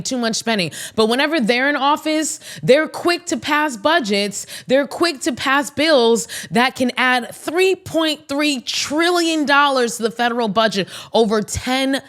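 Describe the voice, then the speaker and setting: A woman hosts a podcast with casual political commentary, and her voice sits a little high. She is blunt and outspoken, swears freely, and talks straight to her listeners. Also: a bit bright. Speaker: podcast host.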